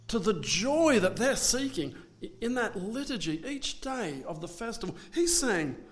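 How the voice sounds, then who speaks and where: Preacher man swinging loud to hushed. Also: sits high. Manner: dramatic swings between loud declarations and hushed asides. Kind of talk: sermon.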